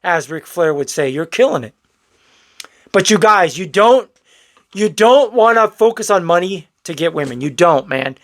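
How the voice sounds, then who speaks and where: A man's voice: high voice, fairly bright tone. A man talking straight to his viewers in a blunt, preachy vlog commentary, calling them bro. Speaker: vlogger. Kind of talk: direct-to-camera commentary.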